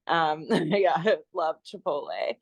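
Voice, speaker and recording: A woman's voice: low-pitched, lively intonation, takes it slowly, no room sound. A woman chatting on a video call, enthusiastic and rambling with many fillers. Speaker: guest sharing her product story. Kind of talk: casual chat on a video call.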